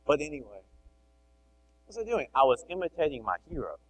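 Animated man preaching a sermon. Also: on the high side, a little fast, poor audio. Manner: animated, swings between loud emphasis and soft asides. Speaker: pastor.

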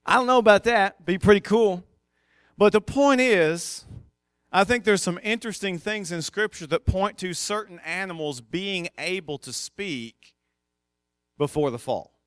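A man preaching a sermon in a conversational, emphatic way, breaking off now and then for casual asides. His voice sits on the higher side and sounds smooth and resonant. The recording is dry and close. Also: a little slow, fairly bright tone, dry recording. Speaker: pastor.

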